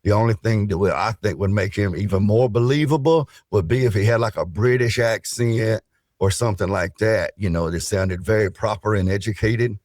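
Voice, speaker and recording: A middle-aged man in a casual podcast debate, speaking in a folksy, dismissive way with drawn-out phrasing. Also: lowish voice, a little mellow, no echo, studio quality. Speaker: co-host panelist.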